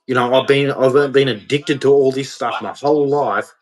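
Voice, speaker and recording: A man's voice: medium pitch, fairly even intonation, normal speed, poor audio. A man, ranting in an emotional monologue to camera, repeating himself as he goes. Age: 40s. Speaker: vlogger.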